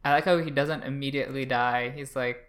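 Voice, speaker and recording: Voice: medium pitch, steady tone, fairly quick, fairly bright tone. A podcast co-host chatting casually, laughing often and playfully acting out characters' lines. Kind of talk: casual chat.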